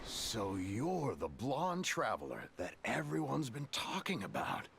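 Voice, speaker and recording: A man's voice: mid-range voice, sing-song, unhurried, gravelly, fairly bright tone, slight background noise, exaggerated voice. An actor playing a polite young man in a game, courteous and apologetic. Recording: game audio under music.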